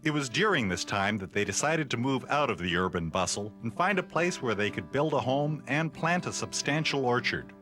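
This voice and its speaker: A man giving scripted documentary narration in a measured way. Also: mid-range voice, lively intonation, sharp tone, faint music behind.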